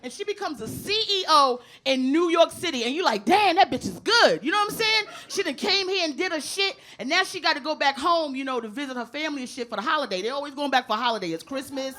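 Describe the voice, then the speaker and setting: A woman comedian doing a brash, profane, animated stand-up routine on a club stage into a handheld mic. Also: high voice, fast, few pauses. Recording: live club recording with crowd laughter and noise.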